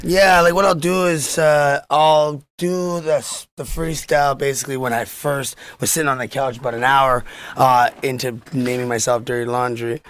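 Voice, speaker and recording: A man's voice: mid-range voice, steady tone, moderate pace, hardly any pauses, fairly bright tone, clean tone. A man chatting casually with friends in laid-back slang, planning a freestyle. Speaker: friend, aspiring rapper. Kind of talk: casual chat among friends.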